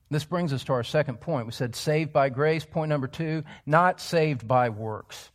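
A male pastor preaching an expository sermon in a church, emphatic, dropping to hushed asides and rising to loud exclamations. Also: on the high side, measured pace, hardly any pauses.

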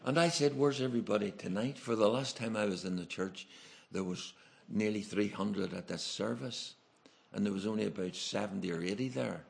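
A man's voice: fairly low pitch, normal speed, gravelly. A man with an Irish accent preaching a sermon, telling folksy, humorous stories from his travels. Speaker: evangelist preacher. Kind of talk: storytelling sermon.

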